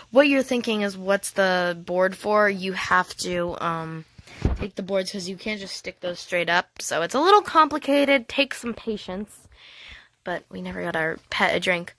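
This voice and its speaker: A woman giving casual, excitable gameplay commentary, gushing and giggly as she thinks aloud. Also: medium pitch. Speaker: gaming channel host.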